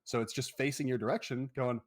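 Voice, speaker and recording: A man's voice: medium pitch, steady tone, brisk. Man narrating as game master. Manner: descriptive, loose with fillers.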